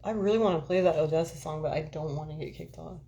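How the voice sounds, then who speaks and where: A woman's voice: low-pitched, fast talker, creaky, mellow, highs cut off. A woman hosting a live stream, chatting with viewers in a rambling, candid and profane way. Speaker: livestream host chatting with viewers. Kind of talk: casual chat.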